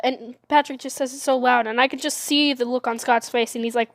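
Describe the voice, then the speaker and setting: A young woman telling a storytime vlog in a giggly, excitable way. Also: sits high, brisk, no room sound, clean studio sound. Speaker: vlogger.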